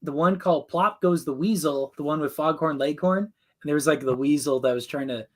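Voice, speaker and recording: Man, slightly high voice, eager casual chat, quotes cartoon lines. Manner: enthusiastic, drops quick cartoon impressions. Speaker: co-host reviewing classic cartoons.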